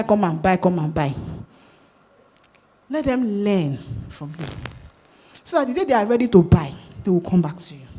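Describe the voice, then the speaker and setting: A woman with a Nigerian accent giving a sales talk at a conference, lively and asking the audience questions. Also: high voice. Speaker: conference speaker. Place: conference hall.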